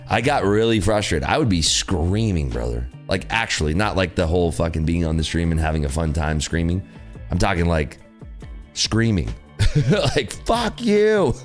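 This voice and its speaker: A man's voice: sits low, a little fast, faint music behind. A man hosting a live day-trading stream, talking casually and bluntly with lots of swearing and laughter. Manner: blunt, profane, laughing, animated. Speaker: livestream host, day trader. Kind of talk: casual livestream chat.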